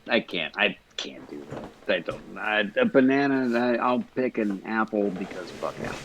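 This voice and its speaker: A man's voice: on the low side, animated, moderate pace, a bit bright, slight background noise, poor audio. A man in casual podcast chat, stoned, rambling and swearing as he talks. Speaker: podcast guest.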